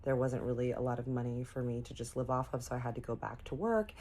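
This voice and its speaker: A woman with a very low voice quoting a grateful, widowed older housekeeper, speaking softly and earnestly. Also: little pitch movement, fast, slight background noise. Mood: wistful.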